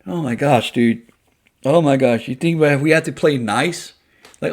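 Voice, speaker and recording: A man's voice: mid-range voice, normal speed. A man in a heated, casual rant, blunt and profane, repeating his points for emphasis. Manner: repetitive, emphatic.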